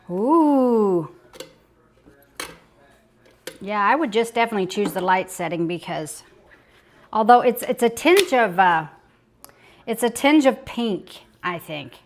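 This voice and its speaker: A woman's voice: on the high side, expressive, unhurried, pauses often, fairly bright tone, slight background noise. A woman filming a casual home baking vlog in her kitchen, gushing and exclaiming often, on a small clip-on mic. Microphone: small clip-on microphone.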